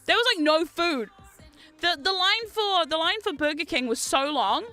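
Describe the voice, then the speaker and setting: Young female streamer, New Zealand accent, high voice, animated and foul-mouthed, easy laugh. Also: moderate pace, soft background music. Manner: animated, swears freely, laughs often. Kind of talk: casual livestream chat.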